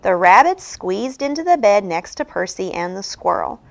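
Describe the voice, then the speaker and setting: A woman reading a children's picture book aloud in a slow, expressive, sing-song way. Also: mid-range voice, creaky. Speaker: storybook reader.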